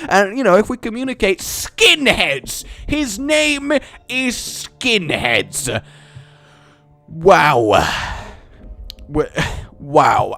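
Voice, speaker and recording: A man hosting a let's play, commenting in an animated, joking way and rambling off on tangents. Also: fairly high pitch. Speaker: gaming channel host.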